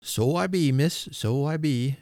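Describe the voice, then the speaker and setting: A man voicing a deaf, good-humoured old man in a storybook reading, with a high-pitched voice and slow, rustic, agreeable speech. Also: darkish tone, no echo, clean studio sound. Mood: cheerful.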